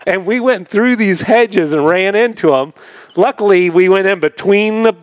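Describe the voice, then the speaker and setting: A man, probably in his fifties, telling stories from his racing career as a podcast guest in a relaxed, rambling way, laughing often and acting out what others said. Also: high-pitched, moderate pace, no echo. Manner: laid-back, rambling, laughs often, acts out quoted voices. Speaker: podcast guest, retired motocross racer. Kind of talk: casual storytelling interview.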